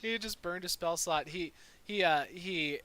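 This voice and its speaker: A man's voice: high voice, unhurried, pushed and bright. A young man running a tabletop game as dungeon master, narrating in a laid-back way with many fillers.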